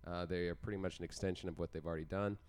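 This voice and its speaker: Rambling, smooth-voiced young man. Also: low-pitched, steady tone, racing, darkish tone. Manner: rambling, jokey, many fillers. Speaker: podcast co-host. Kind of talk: casual music chat.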